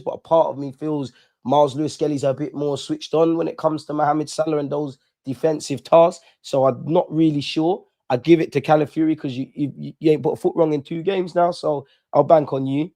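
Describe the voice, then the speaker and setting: A man's voice: on the high side, steady tone, brisk, dark tone, dry recording, studio quality. A young man, chatting casually and animatedly on a live fan stream, full of slang. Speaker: fan channel host.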